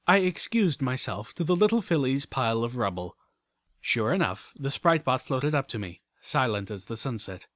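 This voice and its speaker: A man reading a first-person story aloud in a steady, even storytelling manner. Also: mid-range voice, normal speed, no echo. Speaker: audiobook reader. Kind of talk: first-person audiobook narration.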